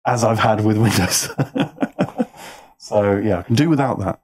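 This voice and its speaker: A man hosting a casual live stream about his music, relaxed and chatty, laughing often. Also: fairly low pitch, a little slow, slightly rough. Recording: loud music under the voice.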